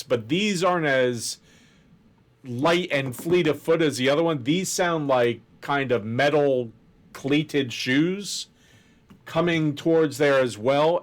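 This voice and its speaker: Slow, deliberate game master man. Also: a little high. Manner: deliberate, descriptive. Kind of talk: narrating a tabletop game.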